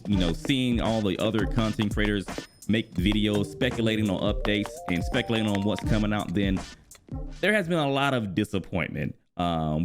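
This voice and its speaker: A man in his thirties casually chatting about a video game while he plays, animated and quick to exclaim. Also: lowish voice. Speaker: gaming YouTuber and streamer. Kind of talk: casual gaming vlog commentary while playing. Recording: music bed playing clearly behind the voice.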